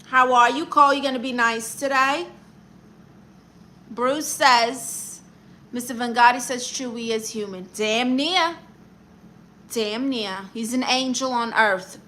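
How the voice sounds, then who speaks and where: A brassy woman with a Brooklyn accent hosts a comedy livestream, reading viewer comments aloud and handing out blunt, sassy advice. Her voice sits fairly high and has a sharp, bright edge. A faint hiss runs under it. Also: a little slow. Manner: brassy, blunt and sassy, calls people honey. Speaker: livestream host giving comic advice.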